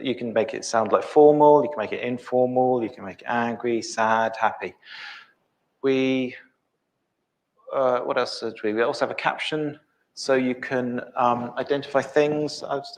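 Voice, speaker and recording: A middle-aged man presenting a live software demo, thinking aloud with many ums and restarts. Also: mid-range voice.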